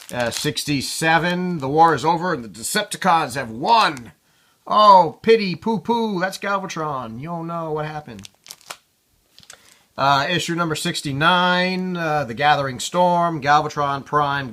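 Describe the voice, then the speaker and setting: Male collector, casual show-and-tell commentary, offhand and cussing, crisp forward tone. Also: medium pitch, pushed and bright. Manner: offhand and irreverent, swears freely. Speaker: comic collector showing his collection.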